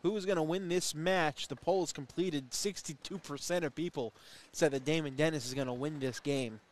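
Male commentator, slightly high voice, chatty and joking, hiccups throughout. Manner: chatty, joking, quick asides about the play. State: has the hiccups. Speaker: play-by-play commentator. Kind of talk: casual sports commentary.

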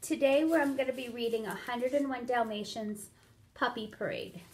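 A woman reading a picture book aloud to children, pausing to count along and ask them questions. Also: fairly high pitch. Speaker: storyteller for children.

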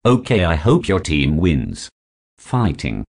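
Deep, husky man reading practice dialogue. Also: wildly swooping pitch, slow pace. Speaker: dialogue reader for English practice.

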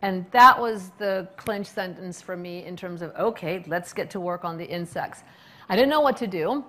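A middle-aged woman who runs a restaurant, giving an animated public talk full of stories, fillers and restarts. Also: fairly low pitch, moderate pace. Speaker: restaurant owner and speaker.

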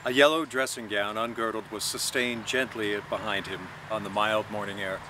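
A man reading a novel aloud in measured, expressive narration. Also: on the low side, background noise. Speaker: reader.

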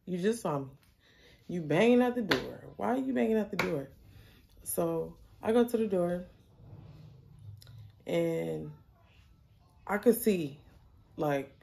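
A young woman tells a story straight to the camera, blunt and animated, with plenty of swearing. Her voice is low, dark and gravelly, and a faint hiss sits under it. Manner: animated, blunt, swears freely, laughs often. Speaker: storyteller vlogger. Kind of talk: casual storytime monologue.

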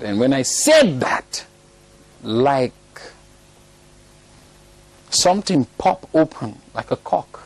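A man's voice: medium pitch, lively intonation, slow pace, long pauses, no room sound. A man preaching a sermon, telling a story and breaking into laughter at it now and then. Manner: storytelling, laughs often at his own story.

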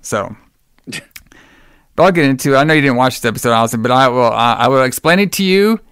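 A man's voice: mid-range voice, expressive, fairly quick, a bit bright, clean tone, no echo, studio quality. A man hosting a podcast in casual chat, rambling, laughing and swearing freely. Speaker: podcast host.

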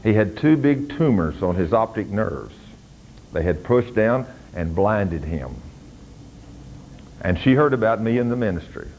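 An older man, preaching a sermon as a pastor and rising to loud, fervent commands. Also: on the low side, expressive, unhurried, a little hiss or hum, poor audio.

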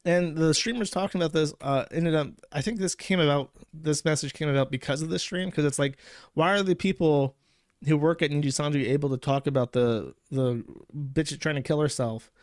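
A man's voice: fairly high pitch, brisk, no room sound. Male host, sarcastic swearing commentary, dry recording. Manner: sarcastic, profane. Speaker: show host. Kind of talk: casual commentary rant.

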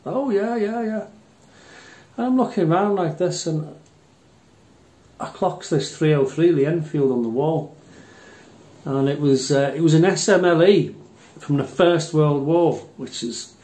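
A man's voice: on the high side, moderate pace, warm tone. An older Englishman telling rambling, blunt, swear-filled army anecdotes in casual chat. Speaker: airgun channel host. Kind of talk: casual storytelling. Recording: roomy echo.

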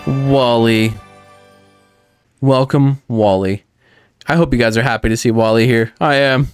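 A man commenting excitedly on a cozy video game, talking sweetly to the characters. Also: mid-range voice, a little fast, soft background music. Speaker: gaming channel host. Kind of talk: let's play commentary.

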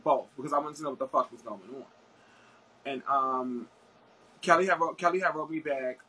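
A man's voice: medium pitch, moderate pace, sharp tone, slightly rough, low-quality recording. A man chatting as a guest, telling a story in a rambling way with many fillers and restarts. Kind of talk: casual chat.

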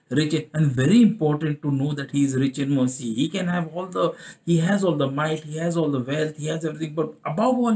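A man's voice: on the high side, a little mellow. A middle-aged man preaching a sermon, repeating phrases for emphasis and asking the listeners questions.

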